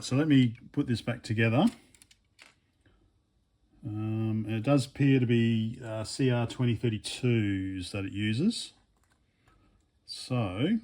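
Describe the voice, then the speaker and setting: Slow, musing man tinkering aloud. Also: darkish tone. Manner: thinking aloud, hesitant with many fillers and restarts; low-key, mutters asides while working with his hands. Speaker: electronics hobbyist vlogger. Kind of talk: casual hands-on teardown commentary.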